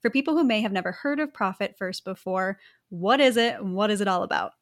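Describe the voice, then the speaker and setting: Woman host, mid pitch, dry close sound, asks questions. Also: a little fast, dry recording. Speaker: podcast host. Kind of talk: interview questions.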